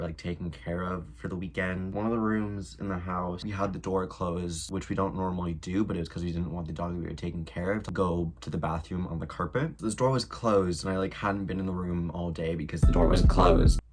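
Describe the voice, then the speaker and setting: A man's voice: sits low, slight background noise. A man chatting casually in a get-ready-with-me vlog at home, rambling with lots of fillers and the odd swear word. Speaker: vlogger. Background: loud background music.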